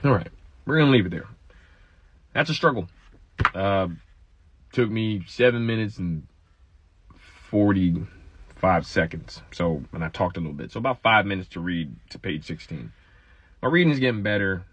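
A chatty man talking straight to his viewers, slightly husky and rough-edged. His animated asides sound dull and lo-fi, dry and close to the mic. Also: deep voice, moderate pace, pauses often, no echo. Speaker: vlogger. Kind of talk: casual read-aloud vlog.

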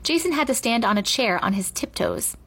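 Woman storybook reader, expressive, husky, animated read-aloud. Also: on the high side, fairly quick. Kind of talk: reading a children's book aloud.

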